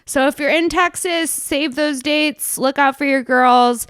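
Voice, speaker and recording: A young woman comedian hosting her own show in a casual, profane monologue, swinging between hushed asides and loud outbursts. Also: high voice, unhurried, no echo, studio quality.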